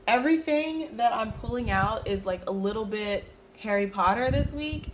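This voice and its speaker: A woman hosting her own knitting podcast, chatting casually about her projects and breaking into sudden high-pitched exclamations. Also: animated, moderate pace, slight background noise. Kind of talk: casual chat.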